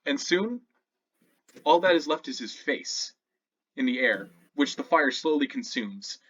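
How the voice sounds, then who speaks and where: A man narrating as game master of a tabletop game, dramatic, moving between loud and hushed. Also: a little high, animated, unhurried, breathy edge, recorded from a distance, highs cut off.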